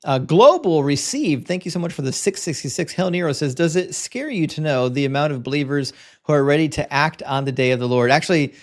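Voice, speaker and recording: A man hosting a live debate stream, with a voice pitched a little high. He talks bluntly and lectures his callers, often restarting his sentences with quick stammers. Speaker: debate show host. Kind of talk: live-stream debate and reading super chats.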